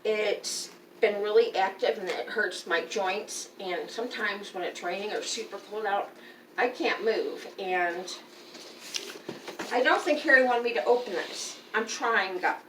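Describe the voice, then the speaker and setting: A woman's voice: mid-range voice, measured pace. A tired woman in her fifties giving a candid, emotional personal update in a casual vlog. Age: 50s. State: tired and unwell. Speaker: vlogger. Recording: roomy, distant, faint background noise.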